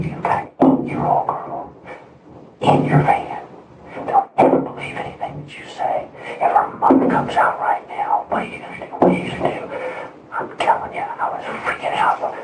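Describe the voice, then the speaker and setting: An agitated man rambles through his account, repeating phrases as his pitch swings widely. The recording sounds far off and roomy, buried under heavy background noise. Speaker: recorded interviewee. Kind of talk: recounting events in a recorded interview.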